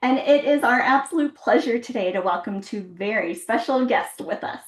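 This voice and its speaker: An upbeat woman co-hosting a podcast and welcoming her guests. Her voice sits somewhat high. A roomy echo surrounds her. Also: animated, normal speed. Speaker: podcast co-host.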